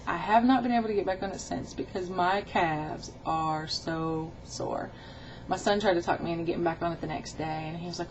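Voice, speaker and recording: A woman's voice: fairly low pitch, a little mellow, muffled recording, a little hiss or hum. A middle-aged woman recording a casual video diary about her weight loss, rambling and chatty as she tells a story with quoted dialogue.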